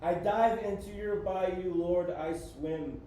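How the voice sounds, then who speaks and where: Echoey spoken-word poet, man, high voice. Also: slow pace, a little hiss or hum. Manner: rhythmic, repetitive phrasing that swings between shouted lines and hushed low passages. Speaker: slam poet. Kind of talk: live spoken-word poetry performance. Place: live performance venue. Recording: very echoey room, voice heard from a distance.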